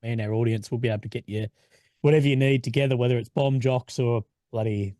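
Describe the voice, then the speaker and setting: A man's voice: medium pitch, fairly even intonation, fast, dark tone, dry recording, clean studio sound. An Australian man hosting a podcast, bantering in a laid-back way with heavy slang and swearing. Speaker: podcast host. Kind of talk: casual chat.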